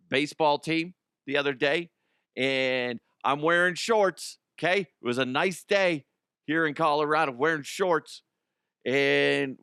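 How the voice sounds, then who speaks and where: A middle-aged man hosts a comedy sports show from a studio, chatting loosely and poking fun at himself with plenty of laughs and cursing. His voice is smooth and resonant, and the sound is close and dry with no room echo. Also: mid-range voice, fairly bright tone. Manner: self-deprecating, laughs often, swears freely. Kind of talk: casual comedic monologue.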